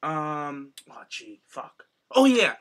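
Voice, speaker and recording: A man co-hosting a casual podcast chat, enthusiastic and excitable, who swears freely. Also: on the high side, slow. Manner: enthusiastic, excitable, swears and laughs while retelling stories. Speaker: podcast co-host.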